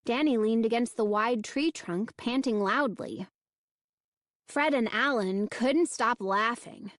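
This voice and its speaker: A woman reading a spooky children's novel aloud, steady and measured. Her voice sits a little high, and she takes her time. The recording is close and dry. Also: no room sound. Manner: measured storytelling. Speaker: audiobook narrator. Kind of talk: scripted narration.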